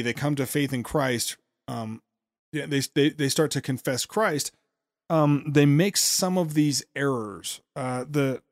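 A man's voice: medium pitch, dry recording. A male podcast host comments critically on a speech, sarcastic and often restarting his sentences. His voice sits in a middle range for a man. The sound is dry and close. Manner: sarcastic, with many halting restarts.

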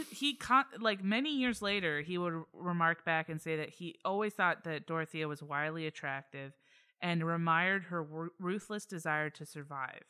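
A woman hosting a podcast, telling a true-crime story in a jokey, animated way. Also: low-pitched, smooth. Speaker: podcast host. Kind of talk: casual storytelling chat.

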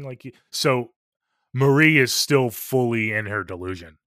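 A man's voice: medium pitch, moderate pace, bright, forceful tone, no echo, studio quality. A man co-hosting a podcast, chatting casually and enthusiastically about a film, swearing freely and using many fillers. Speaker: podcast co-host. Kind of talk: casual film review chat.

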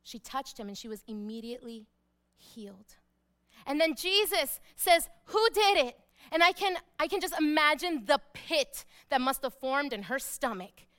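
High bright-voiced woman preacher. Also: lively intonation, normal speed. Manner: emphatic, dropping to hushed repeated phrases. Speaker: pastor. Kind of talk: sermon.

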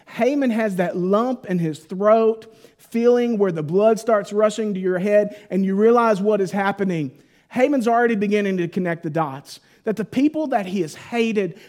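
Man giving a sermon, high voice, casual and animated. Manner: conversational and animated, lots of 'like'. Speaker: preacher. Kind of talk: Bible teaching sermon.

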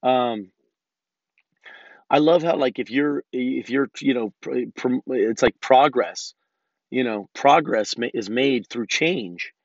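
A man's voice: medium pitch, takes it slowly, dry recording. A man talks alone on his podcast, rambling and cursing freely, stumbling over his words and restarting his sentences. He slips into rants now and then. The recording is dull and lo-fi, and the room is dead and dry. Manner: rambling and profane, with frequent restarts; ranting about politics. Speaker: podcast host. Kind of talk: solo podcast monologue.

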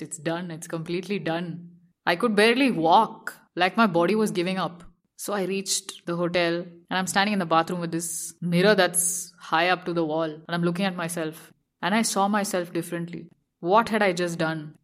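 Woman, young adult, fashion designer, personal storytelling, lower voice, animated. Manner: animated, acts out her own inner thoughts.

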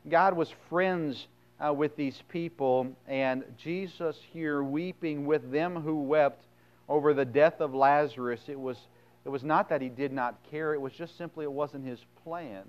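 A man delivers a sermon with a smooth, resonant voice. He reads scripture aloud, then retells it bluntly, swinging from loud emphasis to quiet asides. The recording sounds a little dull and lo-fi. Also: fairly high pitch, measured pace. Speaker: pastor.

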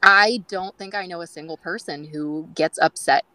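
A woman's voice: lowish voice, moderate pace, sharp tone, no echo, low-quality recording. A woman guest on a groomers' podcast, telling stories in a chatty way with many fillers and acting out quoted dialogue. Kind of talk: casual storytelling interview.

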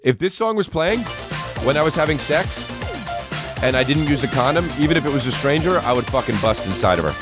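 A man hosting a comedy podcast, telling a rambling story in an excitable, profane way with lots of restarts. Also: on the high side, fairly quick, loud music behind the voice. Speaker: podcast host.

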